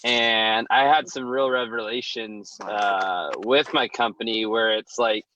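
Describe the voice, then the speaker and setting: A man's voice: lowish voice, fairly even intonation, measured pace, bright, forceful tone, slight background noise. A man in a group discussion, talking hesitantly and reflectively, with many restarts. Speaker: participant. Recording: dull, dry close recording.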